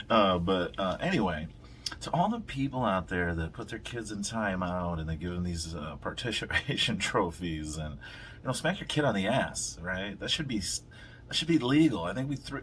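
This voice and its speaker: A low-voiced man hosts his podcast in a loose, rambling rant. He swears constantly and drifts off topic. A faint hiss sits under his voice. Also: lively intonation, fairly bright tone. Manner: rambling, heavy swearing, quick laughs. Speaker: podcast host. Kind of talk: casual profane rant.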